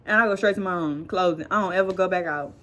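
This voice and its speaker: A young woman vlogger telling a story casually, animated and acting out the dialogue. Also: lowish voice, fast talker.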